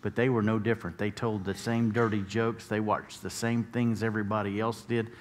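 A low-voiced American man, a pastor, preaches briskly with little pitch movement, telling stories and climbing to emphatic peaks. He's in a church sanctuary with a long hall reverb and slight background noise.

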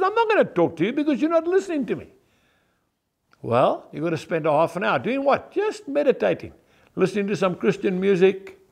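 On his farm, a South African man preaches a folksy, emphatic devotional sermon, addressing his viewers directly as "folks." His voice sits high and sounds gravelly.

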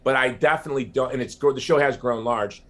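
A man's voice: mid-range voice, fast talker, a bit bright. Male interview guest, mid-range voice, talks freely and rambles, restarts often. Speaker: podcast guest, nonprofit founder. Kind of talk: casual interview talk.

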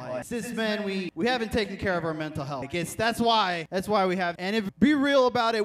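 Lively high-voiced stand-up comic man. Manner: crude, loose, conversational storytelling. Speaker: stand-up comedian. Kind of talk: stand-up comedy set. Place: bar venue stage with live audience. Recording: echoey room, distant mic, crowd audible.

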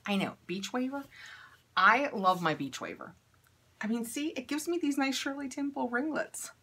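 A woman's voice: high voice, lively intonation, moderate pace, bright, forceful tone, husky. A woman chatting casually to camera while unboxing and trying beauty products, upbeat and thinking aloud as she goes.

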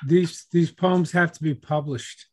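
A man with a Louisiana accent chats enthusiastically and playfully, his voice a little higher than most men's. He sounds talkative and eager while co-hosting over a call. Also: steady tone, a little slow. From Louisiana, United States. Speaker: co-host of a writing event. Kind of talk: casual chat.

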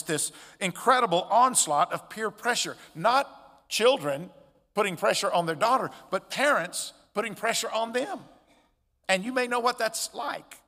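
A man preaching a sermon as pastor, expressive, with loud emphatic peaks and quiet drops. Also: sits high. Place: church sanctuary. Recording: long church hall reverb.

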